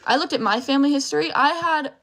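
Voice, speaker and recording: A woman's voice: sits high, fast, fairly bright tone, a little hiss or hum. A young woman in a casual vlog rant, heated and swearing, rambling with false starts and restarts.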